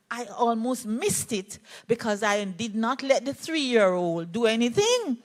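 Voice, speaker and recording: A woman's voice: on the high side, measured pace. Jamaican woman telling a conference story. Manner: animated storytelling, voices quoted speakers. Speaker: conference speaker, play therapist. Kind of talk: conference talk, personal story. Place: conference hall.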